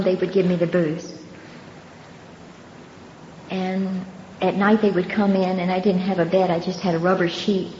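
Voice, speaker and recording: An older woman speaks in a low, mellow voice, giving personal testimony at a recovery meeting. She tells her story earnestly and without hurry, pausing and laughing softly. The recording is dull and roomy, with a long hall reverb. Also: slight background noise. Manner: earnest, unhurried storytelling with pauses and soft laughs.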